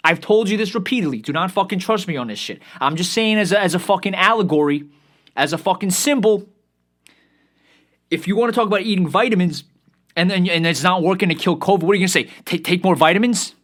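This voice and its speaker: A man's voice: high voice, fast, fairly bright tone. Heated, foul-mouthed man ranting. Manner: heated, swears constantly, repeats and restarts. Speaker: podcast host. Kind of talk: profane solo rant.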